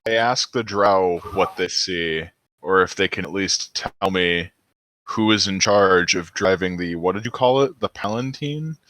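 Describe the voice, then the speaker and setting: Man, player, playful banter, slow pace, bright tone. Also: low voice, slight background noise. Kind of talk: casual tabletop play. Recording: online voice chat.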